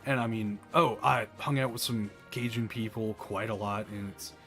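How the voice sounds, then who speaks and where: A man from the American South with a Southern accent, casually chatting while playing a game, rambling through animated asides. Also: fairly low pitch, normal speed, soft background music. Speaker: gameplay commentator. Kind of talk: casual gameplay chat.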